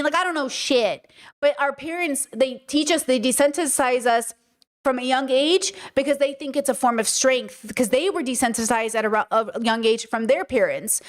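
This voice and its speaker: Woman streamer, high voice, passionate and earnest, talking to chat. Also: moderate pace. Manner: earnest, impassioned, lecturing. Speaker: live stream host. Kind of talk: livestream commentary to chat.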